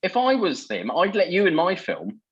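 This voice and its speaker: A man co-hosting a casual film podcast, animated and sweary, often stumbling over restarts. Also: sits high, normal speed, breathy edge. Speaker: podcast co-host. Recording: slightly muffled lo-fi recording.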